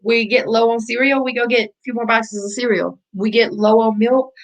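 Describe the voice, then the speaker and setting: A woman's voice: on the high side, steady tone, moderate pace, low-quality recording. A woman life coach giving a motivational talk, speaking conversationally and repeating phrases for emphasis.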